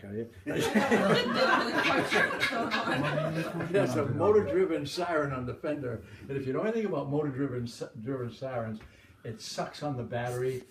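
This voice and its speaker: An older man from the Boston area spins rambling, folksy stories and keeps chuckling along the way. His voice comes from a distance, caught by a camera mic across a room. The room is echoey and has steady background noise behind him. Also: medium pitch. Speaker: storyteller. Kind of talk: casual anecdote telling.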